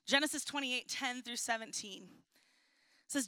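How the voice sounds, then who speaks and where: A woman pastor giving a sermon, telling a personal story with laughs and reading scripture softly. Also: high-pitched, dry recording. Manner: storytelling with laughs and acted-out quotes; reads scripture softly and slowly.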